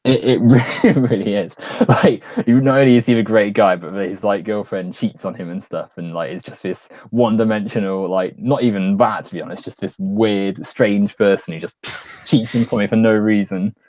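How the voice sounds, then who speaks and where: A man chatting casually about a film, laughing often and slipping into quick impressions. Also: a little mellow, muffled recording. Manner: giggly, often bursts into high-pitched impressions. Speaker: podcast co-host.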